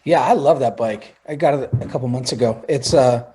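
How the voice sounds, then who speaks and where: A man chatting casually on a podcast in a relaxed, plain-spoken way. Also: mid-range voice, a little fast, a little hiss or hum. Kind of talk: casual chat.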